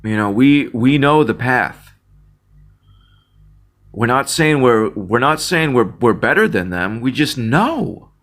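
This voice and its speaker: A man's voice: medium pitch, big pitch swings, slow pace, a bit bright. A man in an impassioned casual monologue, earnest and near tears, often repeating words and restarting. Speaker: Christian video blogger.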